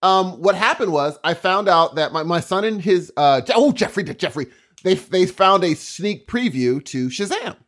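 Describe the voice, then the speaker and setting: A man co-hosting a podcast, joking around in casual chat and laughing easily. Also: high-pitched. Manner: animated, jokey, quick to laugh. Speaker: podcast co-host.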